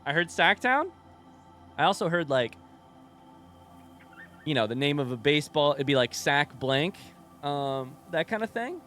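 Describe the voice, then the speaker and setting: A man's voice: fairly high pitch, lively intonation, moderate pace, long pauses, fairly bright tone, soft background music. A young man streaming a game, chatting casually with his viewers in a rambling, joking way and often breaking off mid-sentence. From United States. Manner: rambling, self-interrupting, joking asides. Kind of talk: casual livestream chat with viewers.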